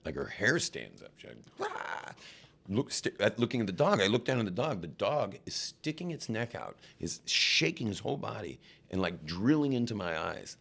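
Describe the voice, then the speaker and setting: A man, a rabbi, telling a story as a podcast guest, acting out shouts and dropping to near whispers. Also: fairly low pitch, sing-song, a little fast, creaky, few pauses.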